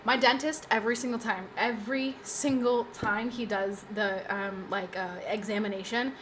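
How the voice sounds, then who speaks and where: A woman's voice: a little high, fairly even intonation, moderate pace, a bit bright, a little hiss or hum. A tired young woman streamer chatting casually, rambling and joking at her own expense with frequent laughs. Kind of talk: casual livestream chat.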